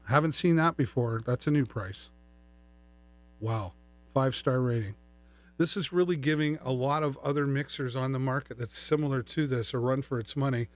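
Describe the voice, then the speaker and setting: A man's voice: medium pitch, no echo. A middle-aged man hosting a live shopping stream, chatting upbeat and playful as he demos a microphone and mixer. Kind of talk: live-stream product demo. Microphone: studio microphone through a mixer.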